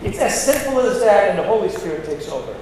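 Blunt preacher in a booming hall. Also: male voice, very animated, fast. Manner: forceful, blunt preaching with sudden loud peaks. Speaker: pastor. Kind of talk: sermon. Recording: echoey hall with long reverb, faint noise.

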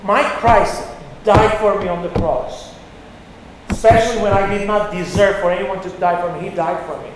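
A high-voiced man preaches bluntly and forcefully, his voice climbing into loud peaks. The sound bounces around a big echoey hall with a long reverb tail. Faint noise sits underneath. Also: moderate pace. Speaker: pastor. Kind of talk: sermon.

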